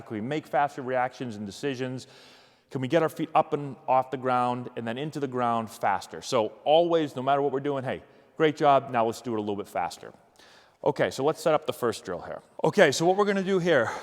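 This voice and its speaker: A man coaching youth agility drills, giving energetic, encouraging cues while demonstrating. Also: mid-range voice, long reverb tail. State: out of breath. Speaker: baseball coach.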